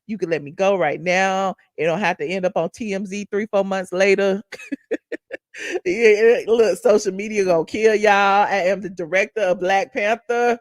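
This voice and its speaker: A Southern American woman hosting a live commentary stream, worked up and blunt. She swears freely, repeats herself for emphasis, and keeps hammering her points. Her voice is mid-pitched and the sound is close and dry. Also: fairly even intonation, moderate pace, dry recording. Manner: heated, profane, emphatic, with repetitions. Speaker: YouTube commentary host.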